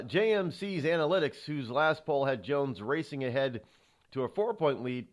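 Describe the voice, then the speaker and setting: A male talk show host giving political commentary, halting often with restarts and sighs. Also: mid-range voice.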